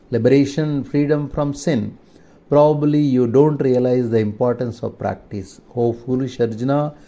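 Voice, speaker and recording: A man reading the words of a calm, firm divine teacher in a steady, instructive way. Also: medium pitch, lightly acted.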